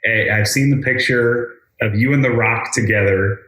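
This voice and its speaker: A man's voice: lowish voice, fairly even intonation, moderate pace, a bit bright, reverberant, a little hiss or hum, poor audio. A man hosting a casual interview podcast, asking questions with short friendly reactions. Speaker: podcast host.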